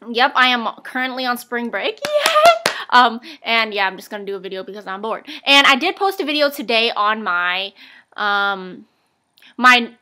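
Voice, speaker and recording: A young woman chats straight to camera in an offhand vlog, filling gaps with ums and little asides. Her voice is bright and a touch high. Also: moderate pace, slight background noise. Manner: chatty, lots of fillers and asides. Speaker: vlogger. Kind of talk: casual chat.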